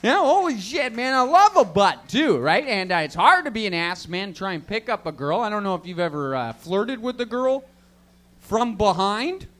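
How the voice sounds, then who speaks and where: A man's voice: high-pitched, sing-song, moderate pace, fairly bright tone. A man performing stand-up, crude and teasing audience members directly. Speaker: stand-up comedian. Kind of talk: stand-up comedy set.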